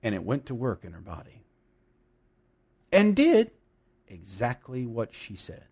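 A man preaching a sermon, animated and emphatic, with laughing asides and dramatic emphasis. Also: medium pitch, unhurried, breathy edge.

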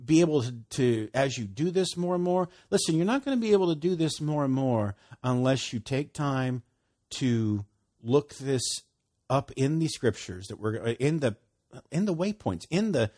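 Male preacher, conversational sermon, upbeat with a slightly high voice, big swings in pitch. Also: normal speed. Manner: animated, laughing, acts out conversations. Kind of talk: casual sermon.

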